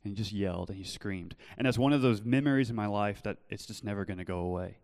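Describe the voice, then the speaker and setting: A young man preaching earnestly in a church, telling his own story and then pleading gently with listeners. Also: lowish voice, fast talker, in a large hall. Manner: earnest, shifts from loud storytelling to soft pleading. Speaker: pastor. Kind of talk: sermon with personal testimony. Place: church hall.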